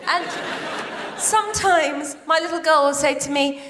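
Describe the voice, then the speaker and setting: High-voiced excitable woman doing stand-up. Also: a little hiss or hum. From Iran. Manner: chatty, excitable, quick asides. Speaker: stand-up comedian. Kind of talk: stand-up comedy set. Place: large theatre stage with audience laughter.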